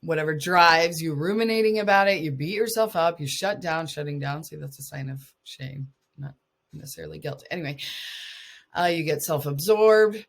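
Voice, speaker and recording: A woman's voice: low-pitched, normal speed. A woman life coach talking casually to mothers, earnest and encouraging, often laughing between points.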